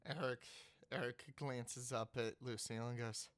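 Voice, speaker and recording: A man narrating as game master of a tabletop game, slow and halting, often restarting his words. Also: medium pitch, fairly even intonation, fairly bright tone.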